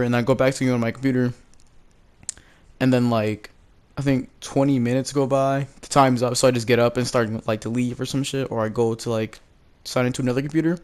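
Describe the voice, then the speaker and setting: A young man hosts his own channel and rambles through a story, leaning on "like" at every turn. He swears casually and restarts his sentences. His voice sits at a middle pitch. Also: steady tone, a little fast. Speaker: channel host. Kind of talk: storytime vlog.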